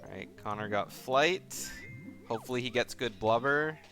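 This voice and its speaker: A man giving casual commentary on a race, chatty and relaxed, laughing often and leaning on fillers. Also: mid-range voice, normal speed, faint music behind.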